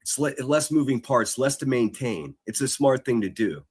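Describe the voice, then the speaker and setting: A man's voice: medium pitch, expressive, normal speed, darkish tone, slightly rough, no room sound, clean studio sound. A man on a live stream talking in a heated, defensive, profane way. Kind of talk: casual live-stream chat.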